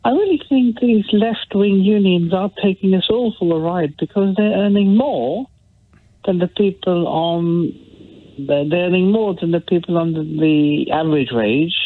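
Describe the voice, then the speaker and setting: A man's voice: sits high, measured pace, dry recording. A man calling in to a radio phone-in, earnest and complaining. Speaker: caller. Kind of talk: phone-in call. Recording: tinny phone line.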